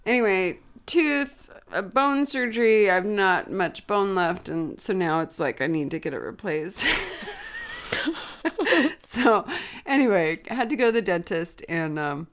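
A woman's voice: mid-range voice, expressive, measured pace. A woman co-hosting a podcast, telling a rambling story in casual chat and laughing easily. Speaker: podcast co-host. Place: sitting on pillows on a bench.

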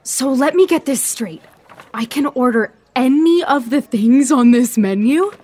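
A young woman playing a naive, sheltered girl raised by nuns, talking with wide-eyed, breathless excitement in a comedic parody. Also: sits high, a little slow. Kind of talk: comedic telenovela parody acting.

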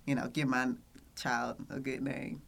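A woman, hosting a casual podcast chat and telling animated, laughing stories. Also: a bass voice, unhurried, creaky. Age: 30s. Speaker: podcast host.

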